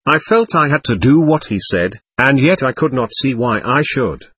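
A man reading aloud as an indignant, bewildered ghost who denies being dead, in a husky voice. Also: medium pitch, animated, moderate pace, fairly bright tone, no room sound. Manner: defiant, suspicious and bewildered. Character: indignant confused ghost of a dead adult, hostile.

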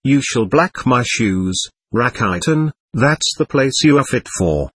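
A man's voice: medium pitch, animated, unhurried, fairly bright tone, breathy edge, no room sound. A man reading the lines of a passionate, volatile young woman, proud and wounded, whose tone swings between tenderness and scorn. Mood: scornful.

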